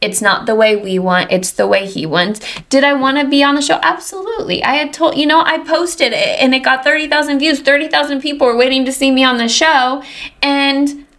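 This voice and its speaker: A woman's voice: high voice, a little fast, fairly bright tone. A woman in her thirties, a podcast guest telling her story in casual chat, acting out her own and others' reactions. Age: 30s.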